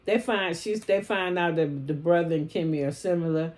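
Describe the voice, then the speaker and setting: A woman with a lowish voice recaps a show in loose, casual chat. She is blunt and swears freely, dropping into the voices of the people she quotes without stopping the story. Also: moderate pace, a little mellow. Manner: blunt, profane, slangy storytelling; acts out quoted lines in passing.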